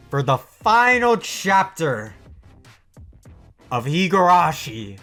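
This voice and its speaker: A man's anime reaction commentary is relaxed and energetic, full of frequent laughter and open swearing, delivered in a voice of mid-range pitch.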